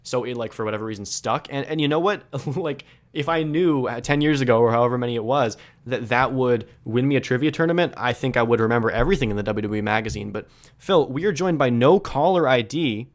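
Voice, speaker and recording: A man's voice: mid-range voice, quick pace. A man co-hosting a podcast in casual chat, chatty and laughing often at himself. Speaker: podcast co-host.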